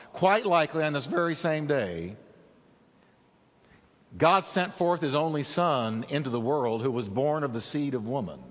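Lively preaching man in a reverberant hall. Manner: dramatic preaching with big swings in pitch and slowed emphasis. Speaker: pastor. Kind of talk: sermon.

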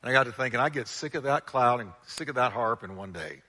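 A male pastor preaching a sermon with animated delivery, drawing the congregation into call-and-response. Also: medium pitch, fast, long reverb tail.

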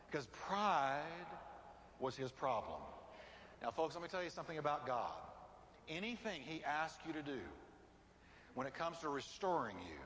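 High bright-voiced preacher in a hall. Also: male voice, slight background noise. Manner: emphatic, repeats lines for stress, rising to shouts. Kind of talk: sermon. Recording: reverberant hall with faint ambience.

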